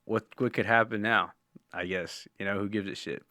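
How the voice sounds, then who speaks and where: A man's voice: on the low side, fairly even intonation, normal speed, sharp tone, no echo, studio quality. A man hosting a podcast, chatting casually in a rambling, profane way and laughing often. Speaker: podcast host. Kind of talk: casual live-stream chat.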